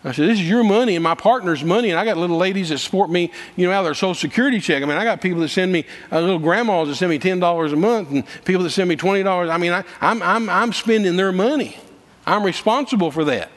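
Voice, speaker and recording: Male preacher, high voice, folksy dramatic storyteller, reverberant hall. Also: quick pace. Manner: folksy, dramatic, shouts quoted lines, repeats words. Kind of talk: storytelling sermon.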